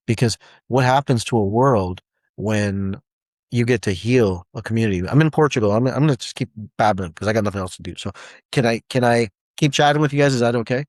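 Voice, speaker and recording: A man in his forties giving a rambling, animated motivational talk as a self-help speaker, with many restarts. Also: medium pitch, brisk, dry recording, clean studio sound. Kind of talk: motivational monologue.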